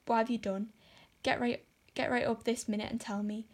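A woman's voice: on the high side, flat delivery, natural voice. Woman reading as stern, scolding spinster Marilla. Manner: brisk, scolding, sarcastic. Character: stern older spinster woman raising a girl.

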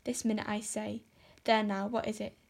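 A woman's voice: mid-range voice, little pitch movement, normal speed, vocal fry. A woman voicing a stern older spinster who scolds and speaks with dry sarcasm. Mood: scolding.

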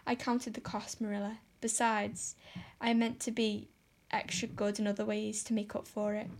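A woman's voice: medium pitch, little pitch movement, moderate pace, lightly acted. A woman voicing a dramatic, despairing young orphan girl who pleads and exaggerates. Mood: pleading. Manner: melodramatic, pleading.

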